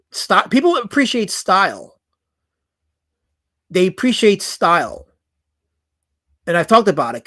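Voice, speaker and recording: Chatty high-voiced man streaming. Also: fairly bright tone. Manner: chatty, reads chat comments aloud, wry asides. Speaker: streamer discussing comic art. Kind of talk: casual live-stream commentary.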